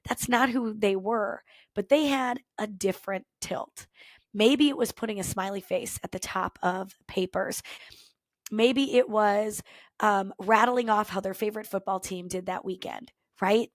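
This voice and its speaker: A woman podcast host and culture coach telling a personal story in an earnest, reflective way, with thoughtful pauses. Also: medium pitch, dry recording, studio quality. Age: former teacher, adult.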